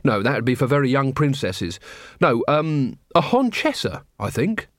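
A man's voice: medium pitch, big pitch swings, measured pace, no room sound, studio quality. A man voicing a loyal, earnest young corporal who speaks eagerly and politely. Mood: musing.

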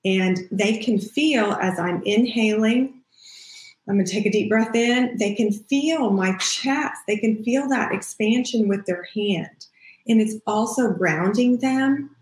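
A middle-aged woman hosting a parenting podcast as a child therapist, talking casually and acting out the things she says to kids. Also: mid-range voice. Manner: warm, conversational, acts out what she says to kids. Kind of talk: casual advice talk. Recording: echoey room.

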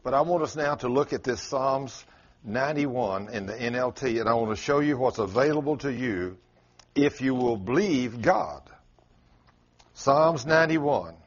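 Expressive and a little slow, a male pastor tells a story from the pulpit, his voice leaping and falling dramatically in pitch and loudness. The sermon recording is muffled and lo-fi.

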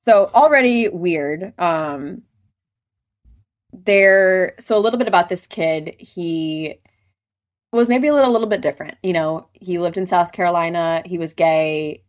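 Chatty woman telling a story, lower voice. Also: unhurried, dull audio. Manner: chatty, storytelling, many filler "like"s. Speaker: podcast co-host. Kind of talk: casual chat.

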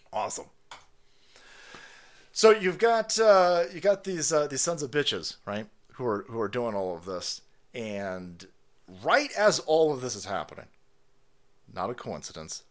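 A man hosting a livestream, ranting loudly with sarcasm, constant cursing and frequent laughter. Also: medium pitch. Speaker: livestream host. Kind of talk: profane ranting commentary.

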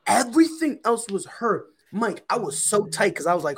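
A man's voice: high-pitched, very animated, moderate pace. A man co-hosting a podcast, telling a story in a casual, slangy way and often repeating himself. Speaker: podcast co-host.

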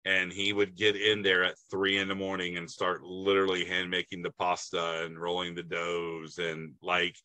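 A man with a low voice and a forceful, punchy edge, appearing as a podcast guest. He tells his stories in an animated way, and the recording is dry and close to the mic. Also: moderate pace, hardly any pauses, no room sound, poor audio. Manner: animated storyteller. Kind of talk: casual podcast chat.

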